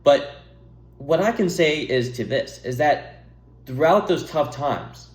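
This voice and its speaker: A man's voice: fairly high pitch, expressive, takes it slowly. Rambling young man in an echoey room. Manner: rambling, self-interrupting, laughs at himself. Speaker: YouTuber giving advice. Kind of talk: rambling casual monologue to camera.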